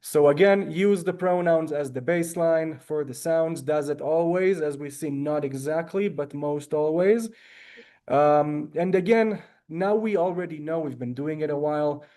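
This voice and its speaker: A man's voice: on the high side, unhurried, dark tone. A man teaching a Hebrew class over a video call, talkative and courteous, often apologizing and saying ma'am. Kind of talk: online class lecture.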